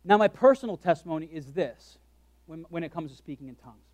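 A pastor with a high voice, close and dry on the mic. He preaches in an animated, joking way and acts out his own inner thoughts as little asides. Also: quick pace, dry recording. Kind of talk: sermon.

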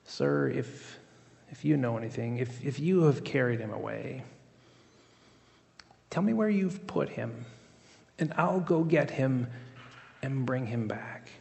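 A man's voice: mid-range voice, slow pace, creaky, pauses often, darkish tone, in a large hall, pitched below the performer's own voice. A man preaching a sermon, voicing a grieving woman who pleads to be shown where a body was taken. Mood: pleading.

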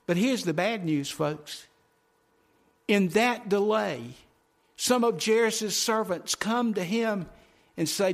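A male preacher giving a sermon in a folksy way, talking straight to the congregation and swinging from loud, driving phrases to hushed ones. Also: high voice, takes it slowly, vocal fry, pauses often. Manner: folksy, addresses congregation directly.

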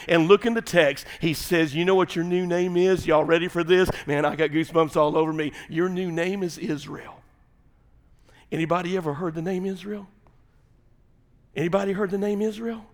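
A male pastor preaching a sermon, folksy and animated, daring the congregation. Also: high-pitched, normal speed. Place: church sanctuary. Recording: long hall reverb.

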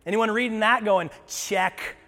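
A man pastor preaching a sermon in a church, moving between hushed passages and emphatic ones, with playful asides to the congregation. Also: on the high side, moderate pace, long reverb tail. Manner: passionate, swings from hushed to emphatic. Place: church sanctuary.

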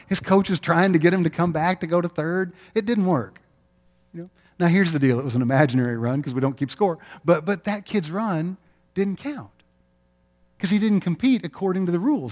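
Animated storytelling male pastor. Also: high-pitched, moderate pace. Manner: storytelling, animated, acts out quotes with laughter. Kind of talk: sermon.

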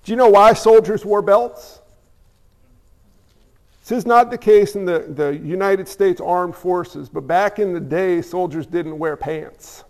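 A man's voice: high voice, a little slow, in a large hall. A man preaching a casual sermon, conversational with jokey asides, acting out bits of dialogue. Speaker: pastor.

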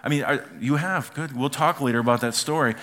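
A middle-aged pastor preaches to his congregation with a bright, forward voice at an ordinary pitch for a man. He tells homey stories and acts out the voices of his family along the way. The sound is that of a church service. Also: fairly quick. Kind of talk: sermon.

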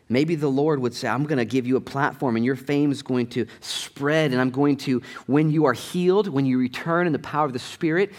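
A middle-aged male pastor preaching a sermon, telling stories in a conversational way and talking straight to the congregation, with sudden jumps in pitch and loudness. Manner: animated storytelling with sudden rises in pitch and volume; conversational, addresses the congregation directly.

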